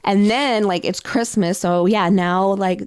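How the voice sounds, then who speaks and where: A woman's voice: mid-range voice, a little slow, clean tone, no echo, clean studio sound. A woman co-hosting a podcast, casually retelling a story with many fillers. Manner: relaxed, filler-heavy retelling. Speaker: podcast co-host.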